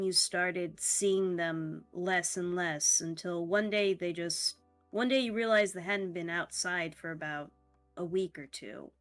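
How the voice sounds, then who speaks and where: A woman running a tabletop game as game master, narrating in a casual, halting way with fillers and a bit of swearing. Her voice sits on the lower side and she takes her time, with soft music playing faintly behind her.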